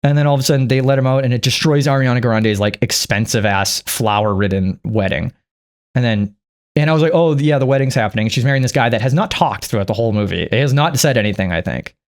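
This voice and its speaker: A young YouTuber rants about a film in a casual, comic way, rambling, swearing and dropping into mock impressions. His voice sits in the mid range and he talks quickly.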